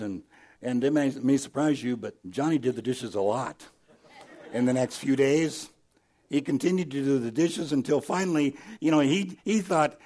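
A male pastor preaching a sermon, telling stories with lively emphasis and dropping to quiet, hushed lines for key points. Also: mid-range voice. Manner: storytelling, dynamic, swings from loud emphasis to soft hushed lines.

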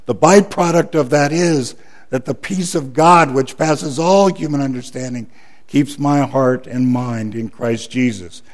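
A man delivering a sermon as pastor, his voice sitting in an ordinary middle pitch. He leans into repeated lines with emphasis and turns quieter and gentler when he prays. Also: unhurried. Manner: preaching with rising emphasis and quiet, softer prayer.

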